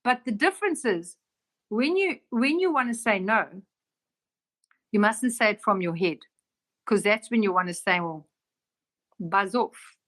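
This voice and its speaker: A woman giving a casual spiritual talk as a teacher, acting out bits of dialogue in a lively, raised voice. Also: a little high. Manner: animated, acts out dialogue in raised voice.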